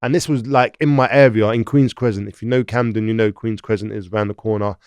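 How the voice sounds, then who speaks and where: A man's voice: fairly low pitch, fast, clean tone, no echo, studio quality. A man in his thirties with a London accent, telling his story as an interview guest and acting out what other people said. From London, England. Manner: animated, acts out other people's lines.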